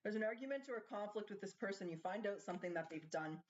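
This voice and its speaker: A woman with a mid-range voice talks quickly while doing a casual tarot reading, chatting and thinking aloud as she puts questions to the cards. The recording has a slightly dull, lo-fi sound.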